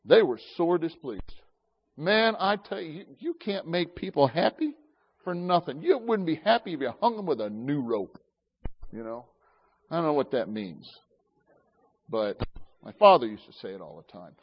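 Animated, high-voiced preacher man. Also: moderate pace, pauses often, slightly rough. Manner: animated, folksy storytelling with asides to the congregation. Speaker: pastor. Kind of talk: sermon. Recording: slightly dull lo-fi sound.

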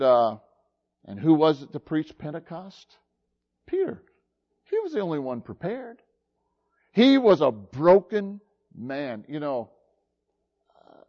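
A man preaching a sermon, retelling a story slowly and haltingly with many pauses and fillers. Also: on the high side, highs cut off.

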